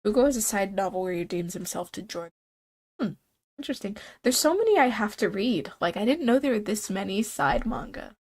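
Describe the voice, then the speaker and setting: A woman's voice: medium pitch, animated, a little fast, a little mellow, slightly rough. Young woman streamer, congested and nasal-sounding, loose rambling chat. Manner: chatty, rambling, laughs often.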